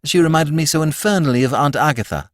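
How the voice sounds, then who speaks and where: A man reading a story aloud as a podcast narrator, telling it in an expressive, animated way. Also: on the high side, fast, no echo, studio quality. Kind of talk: scripted audiobook narration.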